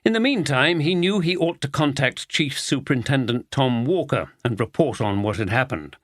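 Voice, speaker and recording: A man's voice: mid-range voice, lively intonation, moderate pace, no room sound, clean studio sound. Man narrating a mystery audiobook.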